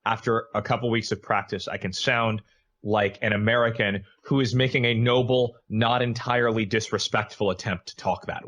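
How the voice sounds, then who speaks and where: A man's voice: lowish voice, fairly even intonation, normal speed, fairly bright tone. A man guesting on a podcast as a voice actor, easygoing and self-deprecating, laughing along. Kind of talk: casual podcast chat.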